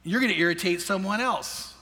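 Male pastor, high tenor, earnest sermon in a big reverberant church hall, quizzing the congregation. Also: fairly quick, pushed and bright. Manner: earnest preaching with questions to the congregation. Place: church sanctuary.

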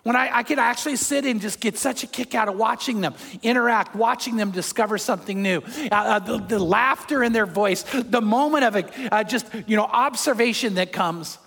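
An older man preaching a sermon as a pastor, conversational and animated, chuckling as he goes. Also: high voice, fairly quick, creaky, few pauses. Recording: long hall reverb.

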